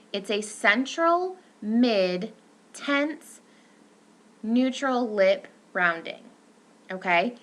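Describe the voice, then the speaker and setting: Young woman teaching, slow and careful, bright voice, lots of um and sorry. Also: mid-range voice. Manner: explains step by step, with many fillers and self-corrections. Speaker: lecturer. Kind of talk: recorded phonetics lecture.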